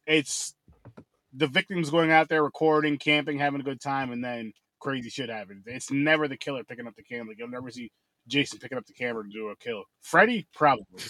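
A man's voice: mid-range voice, quick pace, sharp tone, dry recording, poor audio. A man hosting a horror movie review podcast in loose, profane casual chat who laughs easily.

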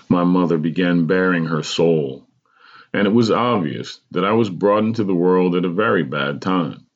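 A man, a podcast host, reading his personal memoir aloud in a measured, deliberate way. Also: deep voice, highs cut off.

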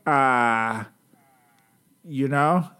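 A man co-hosting a comedy podcast, rambling in a deadpan, sarcastic way with lots of restarts. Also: mid-range voice, very slow, smooth. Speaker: podcast co-host.

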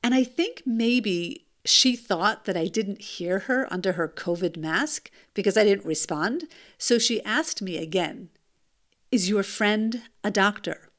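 A woman, a mother, telling a first-person story in an animated, emphatic way, with rhetorical asides to the listener. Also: mid-range voice, a little slow.

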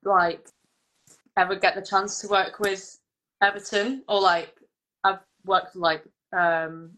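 A woman's voice: mid-range voice, steady tone, slow pace, pushed and bright. Young woman, 19, casual guest chat, says "like" a lot, easy laughs. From England. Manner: chatty, fills with "like", laughs often. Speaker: guest singer-songwriter.

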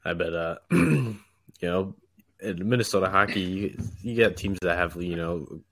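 A man's voice: low voice, measured pace, creaky, dry recording. A man co-hosting a podcast, chatting casually with fillers and restarts. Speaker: podcast co-host.

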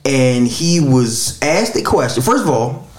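A man's voice: medium pitch, very animated, a little slow. A man hosting a podcast, talking casually and animatedly with plenty of profanity. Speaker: podcast host.

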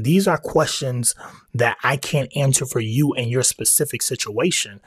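A man's voice: medium pitch, no echo, clean studio sound. A man hosting a faith-based family podcast, talking casually in slang and repeating himself. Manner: conversational, slangy, repeats himself, sometimes drops into prayer. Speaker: podcast host.

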